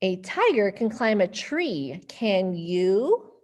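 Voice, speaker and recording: A woman's voice: medium pitch, big pitch swings, takes it slowly, darkish tone, pitched below the performer's own voice. A woman reading aloud as a skeptical storybook animal, in a firm, dismissive tone. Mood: scoffing.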